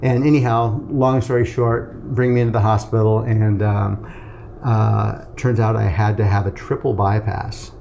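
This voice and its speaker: Gravelly-voiced man telling a story. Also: fairly low pitch, moderate pace, dull audio, a little hiss or hum. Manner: animated storyteller acting out quoted voices. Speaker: guest telling his story. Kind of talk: casual conversation.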